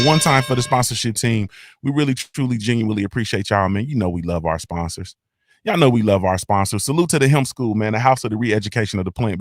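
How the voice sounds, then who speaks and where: A man's voice: on the low side, no room sound. A man hosting a casual morning talk show, speaking in a loose, laid-back way with lots of fillers and repeated tags. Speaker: host.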